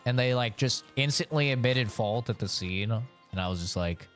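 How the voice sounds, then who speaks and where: A man's voice: medium pitch, normal speed, faint music behind. A man streaming a game, telling casual stories with loose swearing and laughter. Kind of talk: casual chat while gaming.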